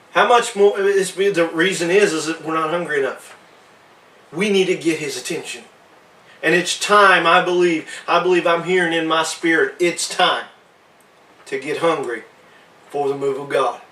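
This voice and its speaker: Bright-voiced preacher in echoey church. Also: male voice, a little high, distant mic. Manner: emphatic preaching with many restarts. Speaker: pastor. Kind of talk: sermon.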